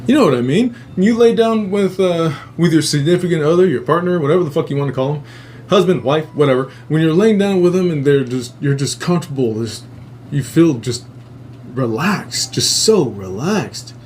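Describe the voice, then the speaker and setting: A man hosting a live show, telling a dream story in a profane, rambling, animated way. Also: on the high side, normal speed, slight background noise. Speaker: host. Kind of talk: casual storytelling.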